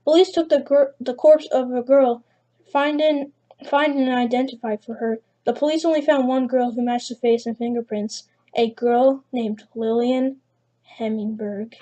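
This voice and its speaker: A woman's voice: on the high side, fairly even intonation, normal speed, dark tone, highs cut off, close to an everyday voice. A woman reading as a TV news reporter. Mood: reporting. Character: adult television news reporter.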